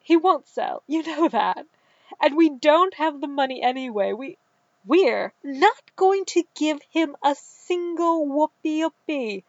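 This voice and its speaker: A woman voicing a cheerful, reckless young man in a storybook reading, in a slightly lowered voice with a dull, dry sound. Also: slow, no room sound. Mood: urgent.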